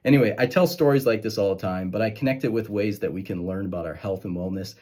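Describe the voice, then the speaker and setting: A man, a surgeon and podcast host, telling a story to the camera in a lively way and acting out the quoted lines. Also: on the low side, fast talker.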